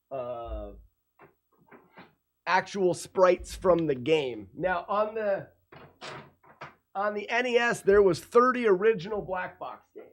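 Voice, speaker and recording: A man's voice: sits high, dry recording, clean studio sound. A man streaming a retro game, explaining it casually with many fillers. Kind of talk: casual gameplay commentary.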